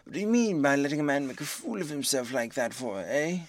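A man voicing an indignant old sailor who sputters in rough, colloquial talk. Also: mid-range voice, very animated, a little fast. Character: indignant seafaring man, blustering and quick to anger.

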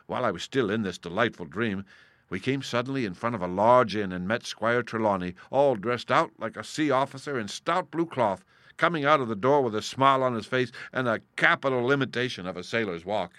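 A man reading a classic adventure novel aloud as an audiobook, in steady, measured storytelling narration. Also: medium pitch, dry recording, clean studio sound. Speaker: audiobook reader. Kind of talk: scripted narration.

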